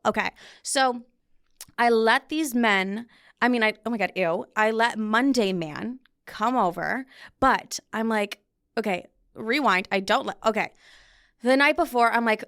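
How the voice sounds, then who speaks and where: A podcast host in her twenties, recording in a studio, shares a casual story with profane candor and self-mockery. She talks at a moderate pace in a medium pitch, with a clean, slightly bright tone.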